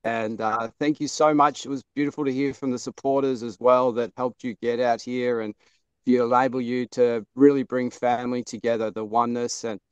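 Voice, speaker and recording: An Australian man giving a soft, flowing blessing outdoors on a video call. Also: medium pitch, level tone, normal speed, smooth, dry recording, dull audio. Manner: soft, flowing, repeats "beautiful". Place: outdoors under a tree.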